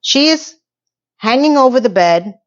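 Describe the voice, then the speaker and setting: A woman's voice: high voice, expressive, a little slow. Sarcastic woman rambling through a TV recap. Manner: sarcastic, rambling, playfully exasperated. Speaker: TV recap YouTuber. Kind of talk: casual TV recap vlog. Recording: slightly dull lo-fi audio.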